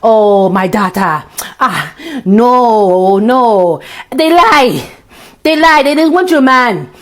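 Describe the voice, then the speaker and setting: A woman's voice: a little high, animated, takes it slowly. A woman playing a pushy African mother. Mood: insistent. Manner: insistent, dismissive, repeats herself. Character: pushy older African mother defending her son.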